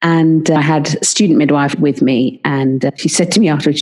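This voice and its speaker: A woman's voice: sits low, steady tone, a little fast, darkish tone. A British woman who works as a midwife, telling a story in a podcast interview and acting out the dialogue she quotes. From Britain. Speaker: midwife guest.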